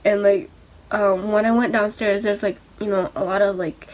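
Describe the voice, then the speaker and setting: A young woman telling a rambling, excitable story while doing her makeup for a vlog. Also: medium pitch, moderate pace. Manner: rambling, excitable, lots of fillers. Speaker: beauty vlogger.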